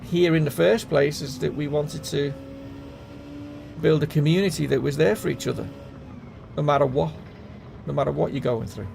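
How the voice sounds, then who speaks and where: A man's voice: on the high side, normal speed, gravelly, pauses often, darkish tone, slight background noise. A man hosting a casual live gaming stream, chatting and rambling with his viewers in a bantering way. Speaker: gaming livestream host.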